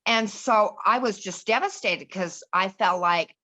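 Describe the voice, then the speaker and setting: An unhurried, mid-range female voice, bright and forceful, belongs to a middle-aged podcast guest. She tells a personal story in a casual, earnest, rambling way, with restarts and quotes from others.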